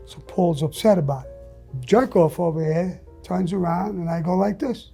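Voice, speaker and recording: A man being interviewed, telling a story bluntly and profanely in a casual, animated way. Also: high voice, moderate pace, gravelly, faint music behind. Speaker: interview guest.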